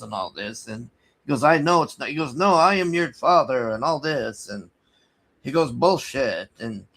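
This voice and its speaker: A man casually recapping a movie plot, rambling and halting with many restarts, sighing in exasperation. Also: medium pitch, fairly bright tone. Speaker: movie reviewer.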